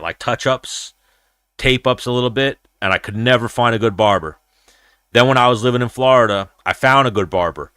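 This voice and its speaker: Profane, animated man hosting a livestream. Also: fairly low pitch, dry recording, studio quality. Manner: acts out his own quoted lines. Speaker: show host. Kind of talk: casual livestream chat.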